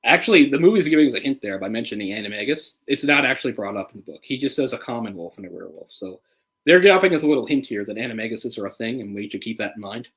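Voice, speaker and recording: A man co-hosting a casual live movie commentary, chatty and opinionated, getting heated and animated as he picks apart the adaptation. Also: medium pitch, racing, low-quality recording. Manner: opinionated, gets heated and animated when ranting; chatty, full of "like" and restarts. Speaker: film commentary co-host.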